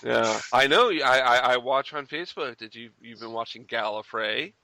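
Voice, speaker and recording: A man hosting a fan podcast, chatting casually and animatedly with quick restarts and chuckles. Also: medium pitch, bright, forceful tone, no echo. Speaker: podcast host.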